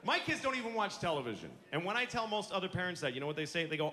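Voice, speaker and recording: A man's voice: high-pitched, big pitch swings, racing, hardly any pauses, a crowd in the background, background noise. Profane ranting male stand-up comic. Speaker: stand-up comedian. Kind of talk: stand-up comedy routine. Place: comedy stage.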